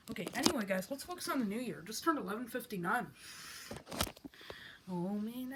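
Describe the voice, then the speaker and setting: A woman's voice: mid-range voice, animated, normal speed, a little hiss or hum. A woman doing a playful skit, voicing several stuffed animals and switching between their voices, often dropping to a whisper. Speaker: toy puppeteer.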